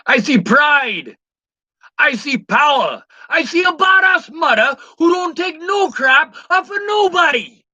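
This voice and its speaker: A man putting on a Jamaican accent to voice a proud, defiant man hyping himself up, in slow, loud, chanting boasts. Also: very high-pitched, sing-song, no room sound, dull audio, pitched above the performer's own voice, exaggerated voice. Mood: boastful. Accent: Jamaican, put on.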